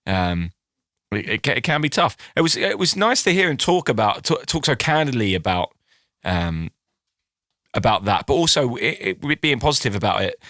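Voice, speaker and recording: A man's voice: mid-range voice, very animated, fairly bright tone, dry recording, studio quality. A man co-hosting a casual chat, often repeating words as he gathers his thoughts. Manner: halting, repeats words while thinking. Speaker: podcast co-host and interviewer.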